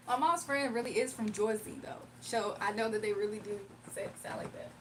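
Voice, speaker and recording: Talking straight to her viewers, a livestream host doing readings reads their messages aloud in a casual, chatty way and laughs a lot. She has a high voice and a moderate pace. The sound is a touch off-mic, with a faint room hum.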